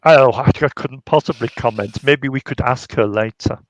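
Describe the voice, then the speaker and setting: A man's voice: medium pitch, moderate pace, crowd noise, low-quality recording. A man, chatting casually and jokingly as a guest while he shows his handmade puppet. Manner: chatty, jokey, demonstrating by hand. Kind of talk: casual chat on a live stream.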